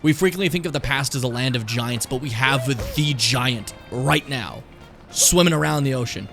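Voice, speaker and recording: A man's voice: mid-range voice, normal speed, creaky. A man streaming a video game, talking in a rambling, sarcastic and profane way. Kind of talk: casual gameplay commentary. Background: game music.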